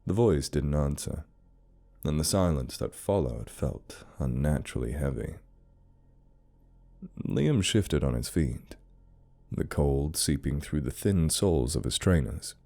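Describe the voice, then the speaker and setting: Super deep guy narrating a creepy story, mellow dark tone, slow and brooding. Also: lively intonation, gravelly. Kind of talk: scripted horror narration.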